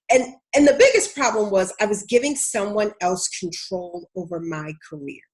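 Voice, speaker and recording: A woman with a Baltimore accent talks straight to her live-stream viewers as a career coach. Her voice sits at an ordinary pitch for a woman. Her delivery is candid and chatty, and she calls her listeners "y'all.". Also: a little mellow.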